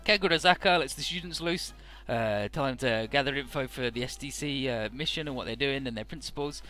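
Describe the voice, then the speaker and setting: Bright-voiced casual game recap narrator. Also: male voice, mid-range voice, a little fast, soft background music. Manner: rambling, irreverent, many fillers. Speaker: let's play narrator.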